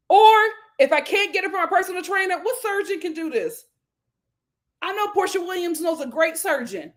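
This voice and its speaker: A woman hosting a live reality TV recap, animated and exclamatory, laughing often. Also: extremely high pitch, normal speed. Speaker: reality show recap host.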